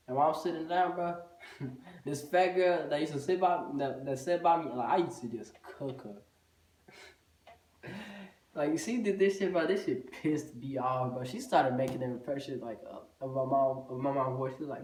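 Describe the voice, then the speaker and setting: Guy ranting a storytime, says bro nonstop, kinda high voice, sounds far off from the mic. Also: moderate pace, a little mellow. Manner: casual, profane, repeats "bro" often. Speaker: vlogger. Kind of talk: casual storytime. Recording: echoey room, voice far from the mic.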